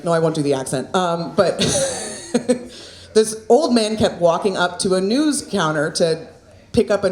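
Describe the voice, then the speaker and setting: A woman's voice: on the low side, darkish tone. A woman in her thirties doing open-mic stand-up, chatty and self-mocking, laughing at her own jokes. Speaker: stand-up comedian. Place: small comedy club, indoors. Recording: echoey club room with crowd laughter.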